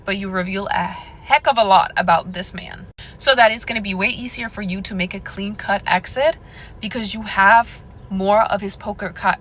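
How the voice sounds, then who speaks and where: A woman's voice: medium pitch, a bit bright, low-quality recording. Sassy young woman giving dating advice. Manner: sassy, addresses viewer as girl and honey. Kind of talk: direct-to-camera advice monologue.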